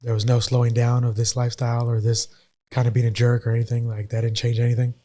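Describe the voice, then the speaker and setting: A man's voice: medium pitch, completely flat delivery, fast, warm tone. A man hosting a podcast, asking probing, thoughtful questions. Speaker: podcast host. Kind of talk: casual interview.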